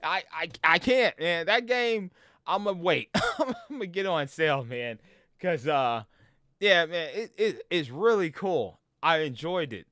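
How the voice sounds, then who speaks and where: A man's voice: fairly high pitch, measured pace, no room sound, studio quality. A man ranting casually as a gaming streamer, swearing and tripping over his words. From New York. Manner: animated, profane, stumbles over words.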